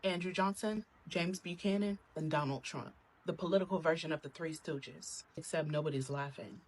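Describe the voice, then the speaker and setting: Woman narrator, husky, sarcastic scripted read with punch. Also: deep voice, moderate pace, rough recording.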